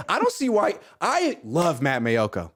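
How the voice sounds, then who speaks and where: Brief: thirties male sports host, animated and jokey, bouncy pitch, dry close-mic sound. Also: a little slow, no room sound. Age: 30s. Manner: animated, jokey, acts out quotes. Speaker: podcast host. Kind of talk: casual sports chat.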